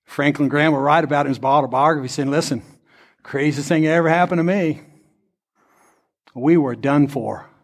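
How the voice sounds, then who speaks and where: A man's voice: a little high, a little fast, long pauses. Fervent male pastor preaching. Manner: impassioned, rising to fervent prayer. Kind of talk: sermon with altar call and prayer.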